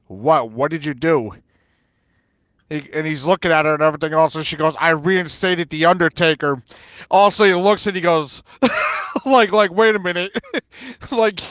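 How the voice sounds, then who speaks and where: A man's voice: high-pitched, clean tone, no echo, dull audio. A man chatting casually on an online panel, telling stories animatedly and acting out what people said, often laughing. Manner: animated storyteller, acts out quotes, laughs often. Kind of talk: casual chat.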